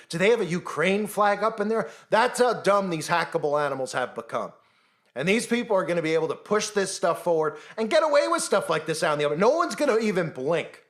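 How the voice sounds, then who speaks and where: Channel host, male, higher-pitched voice, sarcastic ranting commentary. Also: a bit bright. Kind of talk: conspiracy commentary monologue.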